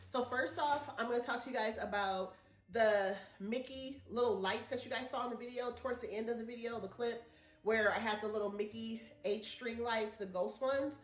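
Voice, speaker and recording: The vlogger speaks at a normal speed in a voice on the high side, and the room is echoey. She's casually talking to camera, spinning a rambling story for her viewers.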